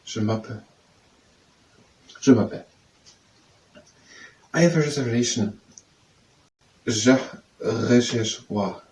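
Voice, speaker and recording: A man's voice: medium pitch, darkish tone. Man practicing French phrases. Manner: slow, repetitive, trying out pronunciations. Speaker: language and exercise tutor. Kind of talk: practicing French phrases aloud, then leading exercises. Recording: distant mic with faint background noise.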